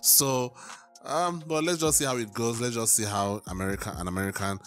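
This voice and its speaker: A man from Africa hosting a casual reaction video, musing and thinking aloud with pauses. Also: medium pitch, fairly bright tone, faint music behind.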